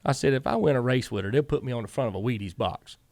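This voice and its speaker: A middle-aged man with a Southern US drawl tells a string of stories as an interview guest. He keeps quoting himself and others as he goes, in a rough, gravelly voice. The recording is dry and close, with no room sound. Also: medium pitch, rapid-fire, a little mellow, no room sound. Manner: rambling anecdotes, quoting himself and others with many "I said". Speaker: guest, former racing crew chief. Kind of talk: casual storytelling interview.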